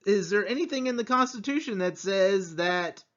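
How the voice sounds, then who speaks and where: Animated male history teacher, lo-fi. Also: sits high, moderate pace. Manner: animated, acts out quotes, rhetorical asides. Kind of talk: conversational history lecture.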